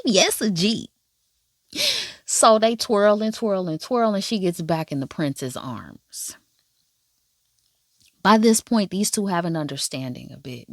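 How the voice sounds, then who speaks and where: A woman giving casual drama commentary in an animated, profane, sassy way. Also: medium pitch, no echo, studio quality. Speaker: drama reviewer. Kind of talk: casual watch-along commentary.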